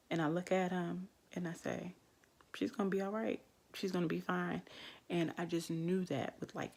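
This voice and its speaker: A young woman vlogger slowly and reflectively telling her own birth story to camera. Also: lowish voice, creaky. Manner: slow, reflective, heartfelt.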